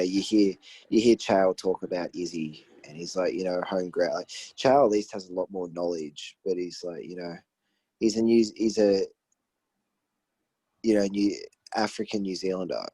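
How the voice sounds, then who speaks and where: A man's voice: sits low, dark tone, breathy edge, no echo, poor audio. An Australian man co-hosting a podcast over a remote call, chatting easily about fights. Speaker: podcast co-host. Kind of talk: casual sports chat.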